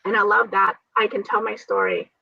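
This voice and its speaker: A woman's voice: mid-range voice, steady tone, normal speed, creaky, slightly rough, dry recording. A woman who survived a transplant, telling her story in an interview in an earnest, faith-filled way with frequent laughter. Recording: dull, dry sound from a distant mic.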